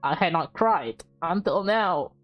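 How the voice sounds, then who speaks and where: A woman's voice: on the low side, expressive, takes it slowly, highs cut off, faint music behind. A young woman streaming a visual novel, reading it aloud and reacting emotionally with laughs. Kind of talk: casual let's-play reading and reactions.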